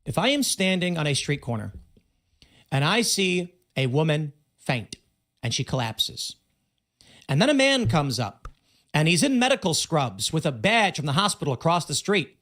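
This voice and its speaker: Emphatic man with a lively, raised voice. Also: on the high side, moderate pace. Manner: emphatic storytelling, acting out what people said; repeats himself for stress. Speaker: livestream host. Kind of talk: unscripted political commentary.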